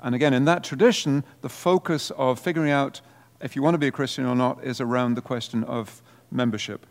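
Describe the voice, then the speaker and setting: Slightly quick and medium in pitch, a man who is a parish priest presents an informal workshop conversationally, with easygoing asides. The recording has a big-room sound.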